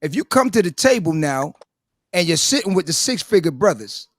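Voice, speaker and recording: High-voiced animated man, dry sound. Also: normal speed, no echo. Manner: animated, argues and interrupts. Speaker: podcast host. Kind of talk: casual group chat, playing a dating-coach character.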